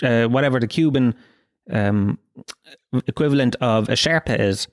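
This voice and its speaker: A man's voice: mid-range voice, no room sound. A young Irish man hosting his own podcast, telling rambling, profane, jokey stories into a close mic. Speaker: podcast host. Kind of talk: comic monologue.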